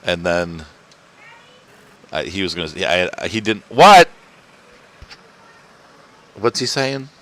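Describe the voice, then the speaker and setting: A man's voice: deep voice, lively intonation, slow pace, pauses often, a bit bright, dry recording. A man hosting a casual let's-play, rambling and chatty and laughing often as he plays at home. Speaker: gaming channel host. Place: home, indoors.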